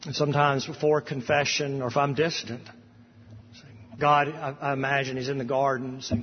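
A man's voice: medium pitch, little pitch movement, moderate pace, breathy edge. A man preaching a sermon with passion, lifting his voice when he quotes scripture. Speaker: pastor. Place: church sanctuary. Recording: dull sound with long hall reverb.

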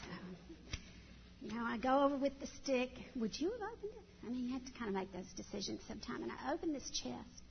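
A middle-aged woman tells folksy, animated stories to a church audience. Her high voice rings with a long hall reverb. The recording sounds dull, with faint ambience behind. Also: quick pace, creaky, slight background noise. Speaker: church speaker. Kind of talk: storytelling talk to a church audience.

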